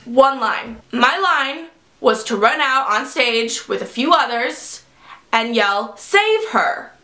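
A young woman vlogger telling a comic personal story, animatedly acting out the quoted lines with sudden high jumps. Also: slow pace, pushed and bright, reverberant.

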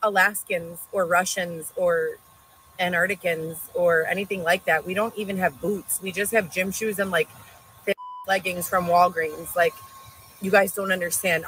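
A young pregnant woman talks in a rambling, effusive rush. Her voice is bright and forward, and a faint hiss of noise sits under it. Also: on the low side, fairly even intonation, normal speed, low-quality recording. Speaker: streamer filmed in a played clip. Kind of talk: emotional thank-you video.

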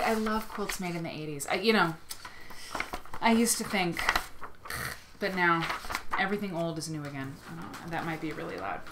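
A woman from Iowa hosting a casual livestream, gushing and rambling excitedly as she shares quilt pictures. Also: on the low side, very noisy. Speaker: livestream host.

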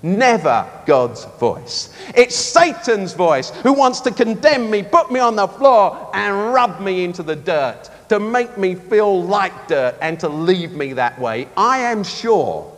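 A man preaching a sermon at a conference, expressive and animated. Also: high-pitched, slow, hardly any pauses. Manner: animated, expressive, acts out voices. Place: large tent or hall at a conference. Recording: long reverb of a large venue.

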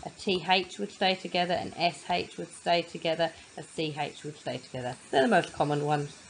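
A woman tutor explaining how to divide words into syllables, sounding words out slowly and patiently. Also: sits low, fairly even intonation, slight background noise, rough recording. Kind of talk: phonics lesson explanation.

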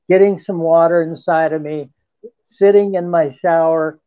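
A man, a guest in an interview, telling a first-person account in an earnest, halting way. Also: a little high, no room sound. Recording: tinny phone line, dry.

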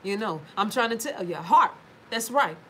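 A woman's voice: medium pitch, animated, moderate pace, sharp tone, slight background noise. A woman talking casually to viewers from home, emphatic and full of profanity. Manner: emphatic, swears freely, addresses viewers directly. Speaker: livestream talker reading viewer comments. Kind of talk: casual profane livestream monologue.

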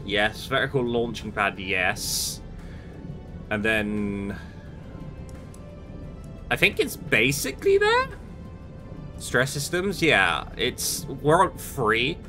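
This clip is casual live-stream talk from a young man playing a game, who answers his chat drowsily and in a meandering way. He speaks at a medium pitch in a bright, forceful tone.

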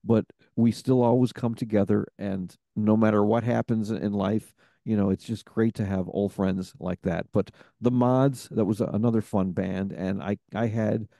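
A podcast host telling stories in a casual chat, rambling with many fillers. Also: male voice, fairly low pitch, steady tone, moderate pace, creaky, mellow, dry recording, clean studio sound.

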